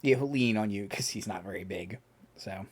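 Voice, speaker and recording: A man narrating a tabletop game as game master, halting and laughing often as he describes scenes. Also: on the low side, husky.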